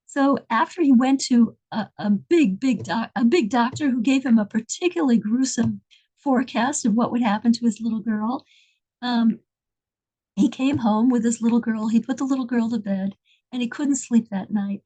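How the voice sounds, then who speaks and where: High-voiced earnest woman storyteller. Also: mellow, low-quality recording. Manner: earnest, halting with many restarts. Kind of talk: religious storytelling.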